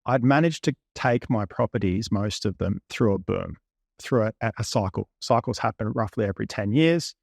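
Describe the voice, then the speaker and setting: A man's voice: on the low side, animated, moderate pace, vocal fry, dry recording, studio quality. A man in his thirties, a property investor, candidly recounting past conversations at length in an interview. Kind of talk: interview storytelling.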